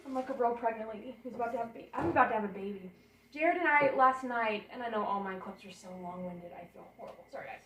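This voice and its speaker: Talking fast in a highish, slightly bright voice, a young vlogger unpacks baby gear in her apartment bedroom and rambles casually, thinking out loud. A portable air conditioner hums in the background, the audio is roomy, and the camera sits a bit far away.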